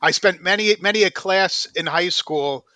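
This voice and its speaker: A man joining a podcast as a guest, speaking enthusiastically with halting restarts. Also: high-pitched, sharp tone, dry recording. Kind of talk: casual chat.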